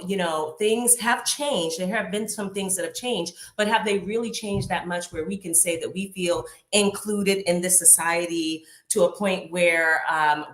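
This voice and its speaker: A woman from Boston joins a panel talk as a guest. Her voice sits on the low side and carries a roomy echo. She speaks earnestly and conversationally, slowing down on key points. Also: fairly bright tone. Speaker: panel guest, real estate broker. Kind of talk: casual panel discussion. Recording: echoey room.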